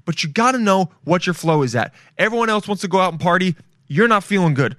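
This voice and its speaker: A man's voice: sits high, animated, quick pace, fairly bright tone, no room sound, studio quality. A man hosting a solo podcast, rambling loosely and profanely and calling his listeners dude and bro. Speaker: podcast host.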